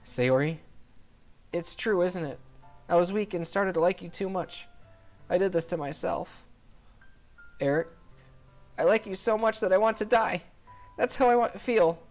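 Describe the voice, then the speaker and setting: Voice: normal speed, pauses often, a little mellow, faint music behind, close to an everyday voice. A streamer voicing a cheerful but fragile teenage girl in a visual novel, reading her lines in a raised, bubbly voice that can turn tearful. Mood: distraught. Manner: high, bubbly, turning tearful. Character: cheerful, fragile teen girl with sad depths.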